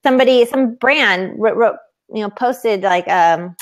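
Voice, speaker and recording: A woman's voice: fairly high pitch, unhurried. Chatty woman teaching a webinar. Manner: chatty, full of "like" and "um", animated. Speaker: yoga teacher giving a social media webinar.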